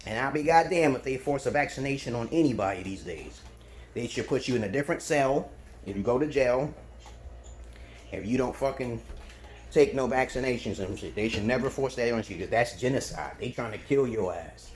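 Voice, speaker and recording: A man's voice: medium pitch, animated, a little fast, a little hiss or hum. A man from Brooklyn, ranting profanely and emphatically in an unscripted monologue as a self-styled dating advisor. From Brooklyn, New York.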